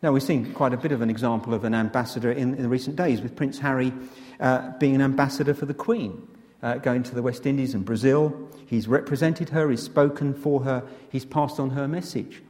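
A man preaches a sermon in an earnest, measured way and puts question after question to his listeners. His voice sits at a middle pitch. A long reverb trails each phrase through the church. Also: steady tone, a little mellow.

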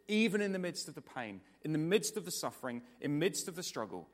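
A man's voice: fairly high pitch, very animated, a little fast, hardly any pauses. Earnest preacher man in reverberant church. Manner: earnest, repetitive emphasis, swings from loud to hushed. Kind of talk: sermon ending in prayer. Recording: long hall reverb.

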